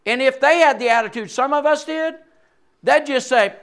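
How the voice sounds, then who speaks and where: A man in his sixties preaching a sermon, swinging between loud peaks and quiet drops and chuckling between points. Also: very high-pitched, moderate pace, clean tone. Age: 60s. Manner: animated preaching with sudden rises and drops. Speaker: pastor.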